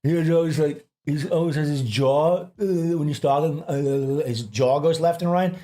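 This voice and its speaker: A man hosting a livestream, talking in crude, animated, ranting commentary. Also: on the high side, normal speed. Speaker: streamer host.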